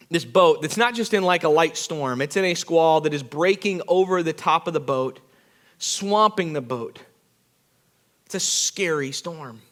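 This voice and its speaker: A man preaching a sermon as pastor, telling a personal story with lively acted-out quotes. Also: very high-pitched. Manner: animated storyteller, acts out quotes with shouts and whispers. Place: church.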